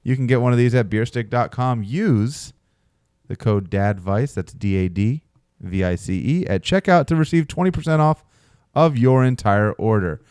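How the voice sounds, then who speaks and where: A man's voice: medium pitch, animated, normal speed, darkish tone, clean tone, dry recording. A young man co-hosting a casual podcast, reading a sponsor spot in a jokey, rambling way. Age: young adult. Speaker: podcast co-host.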